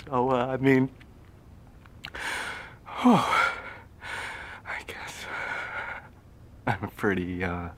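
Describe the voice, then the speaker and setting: A man's voice: mid-range voice, animated, extremely slow, long pauses, fairly bright tone, slight background noise. An actor playing an unraveling young male killer confessing over the phone, rambling with nervous laughs and hesitations. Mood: manic confession. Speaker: film character.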